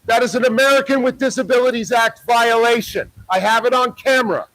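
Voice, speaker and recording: Male protest streamer, high voice, profane heckler, outdoors on handheld camera. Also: steady tone, brisk, fairly bright tone, poor audio. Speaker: protest livestreamer. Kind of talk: confrontational street livestream. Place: outdoors by a parking lot.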